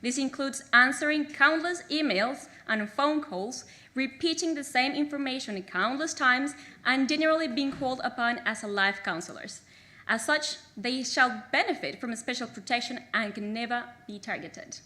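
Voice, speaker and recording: A woman reads mock legal articles at a graduation ceremony in a crisp, formal way with a playful undertone. Her voice is high and bright, and it cuts through clearly. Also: moderate pace. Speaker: graduating student presenter.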